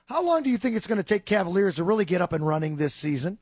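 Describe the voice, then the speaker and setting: A man's voice: high voice, big pitch swings, fast, a little mellow, no room sound. A man co-hosting a sports talk radio show in the studio, playful and teasing.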